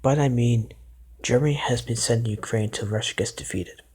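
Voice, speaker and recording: A man's voice: medium pitch, normal speed, a little mellow, husky. A man vlogging his reactions to a news clip, exclaiming and talking back at it indignantly. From Canada. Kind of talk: casual reaction commentary.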